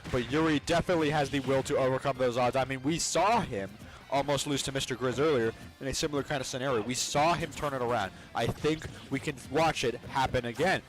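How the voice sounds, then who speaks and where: A man's voice: medium pitch, quick pace, hardly any pauses, poor audio. Young guy casting a smash tourney, hyped, music playing behind. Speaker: esports commentator. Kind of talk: live game commentary.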